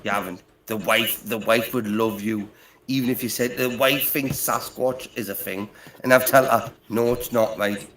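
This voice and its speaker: Geordie bloke, middle-aged, rambling, "right, okay?", faint room hum behind. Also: male voice, fairly low pitch, steady tone, normal speed, a bit bright. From Britain, Newcastle. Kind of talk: joking banter. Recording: echoey room with faint ambient noise.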